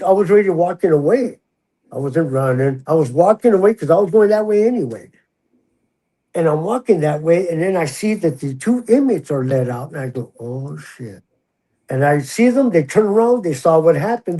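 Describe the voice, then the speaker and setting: A man's voice: on the high side, animated, normal speed, warm tone, poor audio. An older man, a retired prison officer, tells a story in a casual interview and acts out the voices he quotes.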